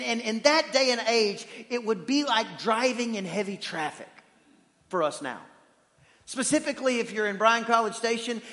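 A man preaching a sermon as pastor, animated, swinging from shouting to hushed tones. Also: high voice. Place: church sanctuary. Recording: reverberant church hall.

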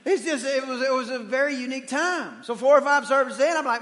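A man preaching a sermon as pastor, animated, swinging from shouting to hushed tones. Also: extremely high pitch, brisk, hardly any pauses. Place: church sanctuary. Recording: reverberant church hall.

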